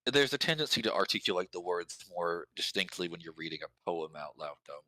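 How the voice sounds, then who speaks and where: A man with a very low voice explains points at length, pausing on fillers as he thinks aloud. His tone is bright and forceful, and the sound is dry and close, with no room echo. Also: very animated. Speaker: lyric and language helper. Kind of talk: casual explanatory chat.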